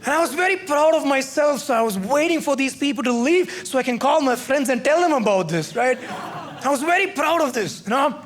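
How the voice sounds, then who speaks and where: Very high-voiced male stand-up comedian. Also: fairly quick. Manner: animated storytelling with tag questions. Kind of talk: stand-up storytelling. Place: comedy club stage with live audience.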